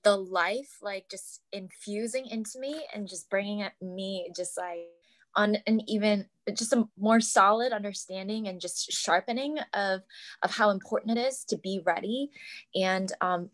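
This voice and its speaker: A woman's voice: medium pitch, measured pace, fairly bright tone. A woman in a group sharing thoughtful, reflective feedback in casual talk, often trailing off mid-phrase. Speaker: group member.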